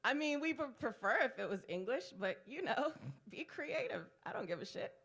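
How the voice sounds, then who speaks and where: Woman slam emcee, brash and profane, lively pitch, teases the crowd. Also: fairly quick. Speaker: poetry slam host. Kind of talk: live emcee banter. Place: live poetry venue in a bar.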